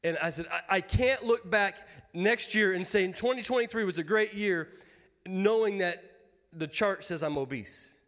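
A man in his thirties preaches to his church in a high, light voice, folksy and quick to joke with the congregation. His words ring out with a long hall reverb around them. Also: a bit bright. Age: 30s. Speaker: pastor. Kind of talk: sermon. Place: church sanctuary.

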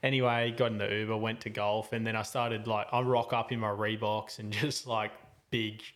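A man's voice: fairly low pitch, normal speed. A man in his twenties hosting a podcast, telling a story in a rambling, slangy way with lots of fillers and restarts. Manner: animated, voice jumping up and down with the story. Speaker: podcast host. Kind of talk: casual storytelling chat.

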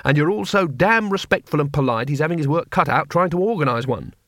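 A nervous, sharp-tongued wizard, always one step from running, talks in a lifted, exasperated voice, as a male audiobook reader puts him on. The delivery is needling and impatient. The recording is dry and close. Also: a little high, animated, no echo. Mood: scornful. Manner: exasperated, needling, quick to flee. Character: nervous, sardonic male wizard fleeing danger. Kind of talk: audiobook character voice.

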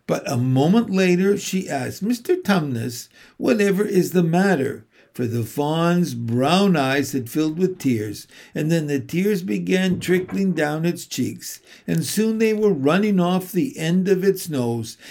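Man, audiobook narration, measured, slightly high voice, unhurried. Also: expressive, gravelly, a little mellow. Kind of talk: audiobook reading.

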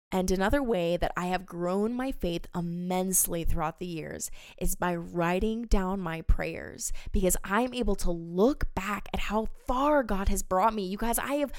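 A woman's voice: mid-range voice, clean tone, no echo, studio quality. A young adult woman hosting a devotional podcast, talking earnestly and passionately to her listeners. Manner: earnest and passionate, addresses listeners as "you guys". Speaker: faith podcast host.

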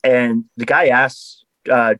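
A man speaks as a guest on a podcast, earnest and explanatory in a casual conversational tone. His pitch sits in the middle range. The recording is dry and close, with no room sound. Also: flat delivery, slow pace, fairly bright tone, dry recording, rough recording.

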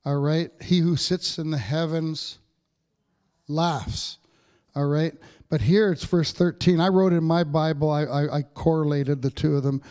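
Pastor preaching, higher-pitched man. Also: fairly even intonation, measured pace, mellow. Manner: conversational preaching, frequent "all right" checks with the congregation. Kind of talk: sermon.

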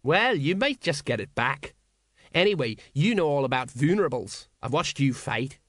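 A man's voice: fairly high pitch, very animated, normal speed, fairly bright tone, dry recording, studio quality. A man voicing a stout, nervous middle-aged male sergeant who grumbles reluctantly. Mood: grumbling.

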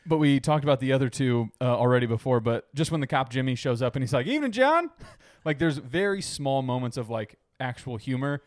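A man co-hosting a casual movie podcast, talking in an animated way with casual swearing and quick asides. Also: medium pitch, dry recording, clean studio sound. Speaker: podcast co-host.

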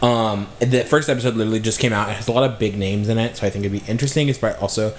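A man co-hosting a casual podcast, animated and slangy, with casual swearing. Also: on the low side, rapid-fire, a little hiss or hum. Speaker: podcast co-host.

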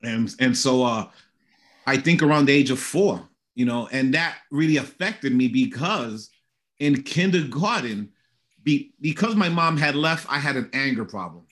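A middle-aged man, a guest in a conversational interview, sharing a personal testimony in an earnest, animated way. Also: medium pitch, measured pace.

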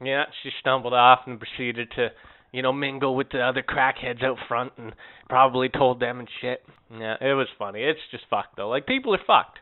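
Man, casual podcast storytelling, rambling and profane, smooth voice, tinny phone-like sound. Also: mid-range voice, normal speed. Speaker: podcast co-host.

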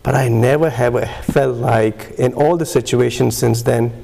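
A man shares his personal testimony at a recovery meeting. His voice is gravelly, and he stops often to search for words. His speech is full of fillers and pauses. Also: medium pitch, fairly even intonation, warm tone. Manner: halting, many fillers and pauses.

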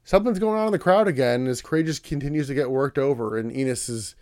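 A man's voice: mid-range voice, quick pace, darkish tone, no echo, studio quality. A man co-hosting a podcast, recapping in a rambling, casual way and acting out little voices as he goes. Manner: rambling, acts out voices, heavy "like" filler. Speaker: podcast co-host recapping wrestling.

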